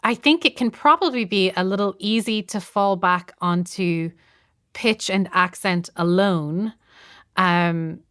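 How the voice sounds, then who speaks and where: A woman's voice: mid-range voice, slow pace, a bit bright, clear, resonant tone. A woman interviewing a narrator, asking thoughtful, encouraging questions. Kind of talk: interview conversation.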